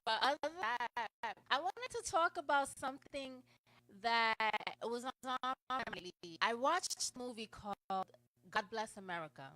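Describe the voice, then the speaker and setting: A woman's voice: a little high, bright, forceful tone, no echo, rough recording. A woman hosting a live talk show, rambling through a film's story with many restarts.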